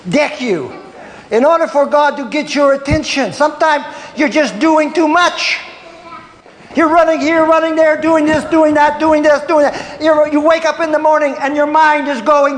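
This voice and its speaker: High-voiced preacher in an echoey hall. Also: male voice, fairly bright tone. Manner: folksy storytelling with frequent "Hello?" and "Hallelujah" call-outs and chuckles. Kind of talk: sermon. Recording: echoey hall with long reverb and faint room noise.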